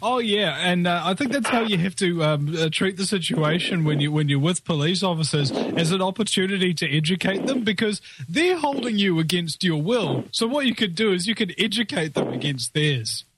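A man's voice: high-pitched, animated, normal speed, few pauses, noisy background. A man hosting a casual talk show, rambling through wry, jokey asides. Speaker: host. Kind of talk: casual podcast chat.

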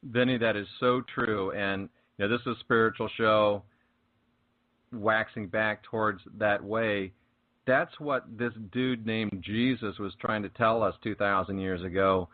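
A man's voice: on the low side, steady tone, unhurried, no echo. A man hosting a spiritual talk show, speaking with fervent, preachy emphasis in casual chat. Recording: tinny phone-like line.

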